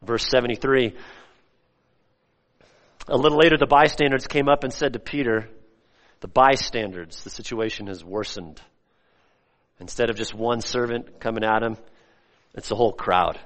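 Animated male preacher in a reverberant hall. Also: medium pitch, moderate pace, long pauses. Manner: animated preaching, acts out quoted voices. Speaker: pastor. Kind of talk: sermon.

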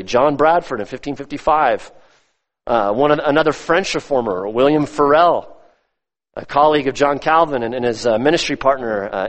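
Emphatic male preacher in reverberant hall. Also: medium pitch. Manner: emphatic preaching that swells and drops. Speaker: pastor. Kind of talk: sermon. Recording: long reverb of a large hall.

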